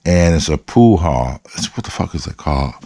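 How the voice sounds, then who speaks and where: A man's voice: extremely low pitch, animated, normal speed, dark tone, dry recording, clean studio sound. A man telling a long, rambling, profane story as a show host. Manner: rambling, profane, laid-back. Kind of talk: casual storytelling.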